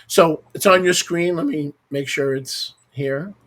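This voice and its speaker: A man's voice: on the high side, unhurried, fairly bright tone. A man leading a roundtable Bible teaching, speaking emphatically with rhetorical questions and mocking asides while sharing his screen.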